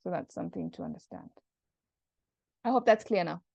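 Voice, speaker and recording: A woman's voice: fairly low pitch, a little fast, vocal fry, mellow, dry recording. Woman patiently teaching grammar, dull dry audio. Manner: patient, explains step by step with examples. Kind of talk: online class explanation.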